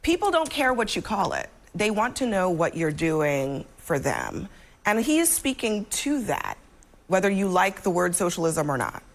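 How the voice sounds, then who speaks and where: A woman's voice: medium pitch, very animated, moderate pace, a little hiss or hum. A woman anchoring a cable news panel, talking in a direct, conversational way.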